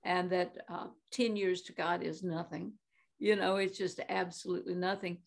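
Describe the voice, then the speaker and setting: This guest, a Christian minister in her eighties, recounts stories with animation, many fillers and plenty of laughs. She talks at a normal speed in a fairly low, gravelly voice that barely moves in pitch.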